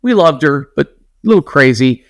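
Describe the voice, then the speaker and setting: A man co-hosting a podcast tells a story in a rambling, lively way. He often stumbles and starts sentences over. His pitch swings widely as he talks. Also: moderate pace. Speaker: podcast co-host. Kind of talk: casual storytelling chat.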